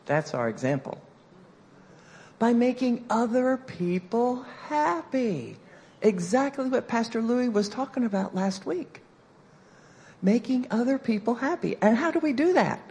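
A woman's voice: a little high, lively intonation, a little slow, warm tone. A woman speaking in church, telling a story in a sermon and acting out the quotes playfully.

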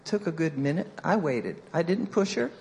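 Animated woman telling a sermon story. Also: lowish voice, moderate pace, slight background noise. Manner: animated, playful storytelling with acted-out quotes. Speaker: church speaker.

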